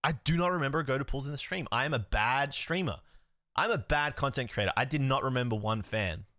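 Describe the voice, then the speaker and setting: A man's voice: medium pitch, fairly quick, no room sound, clean studio sound. A man, a card streamer, telling a story in a casual way, acting out the dialogue and swearing now and then. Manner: animated, swears, laughs, acts out dialogue.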